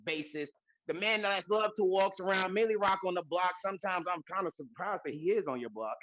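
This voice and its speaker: A man co-hosting a podcast in casual chat, talking loud and hyped, with slangy, profane banter and shouted intros. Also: high voice, dry recording, lo-fi sound. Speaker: podcast co-host.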